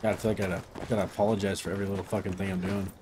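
A man's voice: low-pitched, flat delivery, rapid-fire, background noise. A man casually commenting while playing a video game, rambling, swearing and self-deprecating. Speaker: let's play host.

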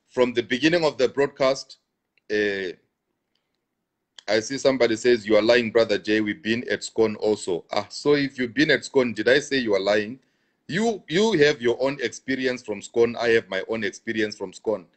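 Emphatic pastor repeating his points. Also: mid-range voice. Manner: emphatic, repeats lines, laughs between points. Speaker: pastor live-streaming to viewers. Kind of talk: live-stream talk answering viewer comments.

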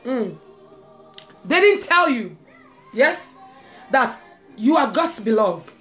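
Woman preaching on a live stream, higher voice that jumps all over, faint music behind. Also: takes it slowly. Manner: lively, talks straight to listeners with asides; reads scripture aloud.

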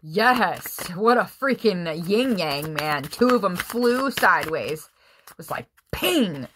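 A woman reading tarot cards for her viewers in a casual, excitable way, swearing freely and often breaking into laughter. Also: lowish voice, slow, background noise. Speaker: tarot reader.

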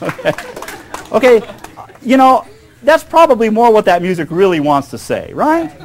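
A man lectures on music in a high, animated voice that swings widely in pitch. He rambles and keeps checking in with his audience. Faint music sits in the background. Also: normal speed. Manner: rambling, keeps checking in with "okay?" and "you know".

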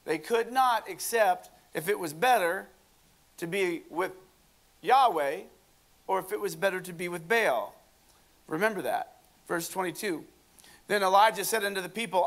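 A man's voice: high-pitched, normal speed, pauses often, a bit bright. A man preaching a sermon, reading scripture aloud with jokes and asides to the congregation.

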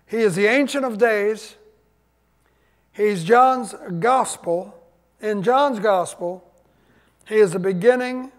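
A man's voice: high voice, slow pace, pauses often. A pastor, an older man, preaching a sermon with emphatic delivery and call-and-response with his congregation. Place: church sanctuary. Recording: long church hall reverb.

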